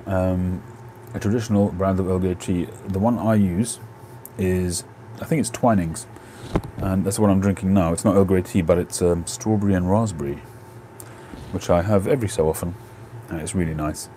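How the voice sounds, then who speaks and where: Man, deep, mellow, casual live-stream host, phone mic, faint noise. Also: fairly even intonation, normal speed. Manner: chatty, answers viewers' comments.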